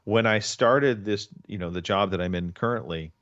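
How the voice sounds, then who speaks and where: A fairly low-pitched man hosts a relaxed podcast, rambling through his points and restarting his sentences often. The sound is dry and slightly dull, like a modest home mic. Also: moderate pace, no room sound. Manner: rambling, many restarts and fillers. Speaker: podcast host. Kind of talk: casual podcast chat.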